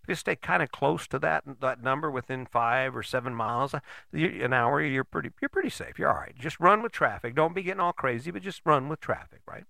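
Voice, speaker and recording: Older guy with a gravelly bright voice, folksy blunt pep talk, dry close sound. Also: medium pitch, brisk, no room sound. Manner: folksy, blunt, conversational with frequent "right?". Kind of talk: casual motivational talk.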